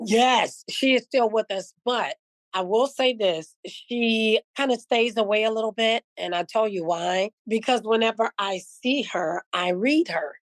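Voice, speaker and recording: A woman's voice: a little high, unhurried, dry recording. A woman guest who owns a spice shop, telling heartfelt stories in a casual conversation and acting out the dialogue. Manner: earnest, heartfelt, acts out quoted dialogue.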